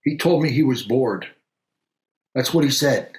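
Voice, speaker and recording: An actor playing a middle-aged country doctor who tells a strange story in an unhurried, halting way, full of pauses and fillers. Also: male voice, mid-range voice, animated, darkish tone, echoey room, lightly acted. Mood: steady recounting. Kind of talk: audio drama acting.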